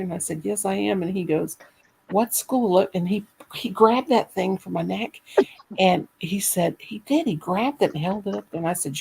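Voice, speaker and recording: A middle-aged woman telling a funny story in a casual chat, animated and laughing as she goes. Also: medium pitch, moderate pace, vocal fry, a little hiss or hum, rough recording. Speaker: caller.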